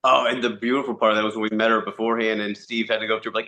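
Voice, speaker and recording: A man, a podcast guest, telling animated stories in casual chat, acting out quotes and swearing freely. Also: on the low side, rapid-fire. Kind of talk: casual storytelling interview.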